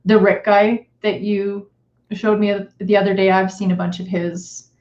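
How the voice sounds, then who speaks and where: A middle-aged woman chats casually as a guest co-host on a livestream, explaining at length and filling pauses with "um" and "like." Her audio sounds roomy and echoey, and it comes through muffled and dull. Her voice sits at a medium pitch for a woman. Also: level tone, darkish tone. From Canada. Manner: chatty, filler-heavy explaining.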